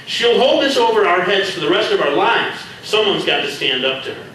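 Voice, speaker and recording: A man's voice: high voice, big pitch swings, a little fast, pushed and bright, a little hiss or hum, voice pushed up, exaggerated voice. A man voicing a defiant young woman who talks back with force, recorded from far off in an echoey room.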